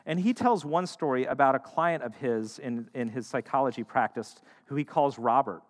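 A man delivering a sermon in a voice of average pitch. He pushes hard on emphatic phrases, then falls to hushed, soft lines. A long reverb hangs on his words, as in a large hall. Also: moderate pace. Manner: dynamic, swings from loud to hushed. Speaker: pastor.

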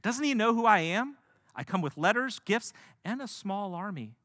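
A preacher voicing an offended, proud foreign commander who demands to be treated with respect. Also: male voice, medium pitch, animated, takes it slowly, fairly bright tone, no room sound, clean studio sound, big-room sound. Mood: outraged. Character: indignant proud foreign army commander, male.

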